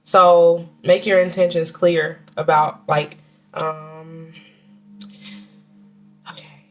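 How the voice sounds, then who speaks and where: A woman giving a casual tarot reading, talking in a chatty, halting way with many restarts and fillers, and slowing down to name the cards. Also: deep voice, flat delivery, faint music behind. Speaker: tarot reader.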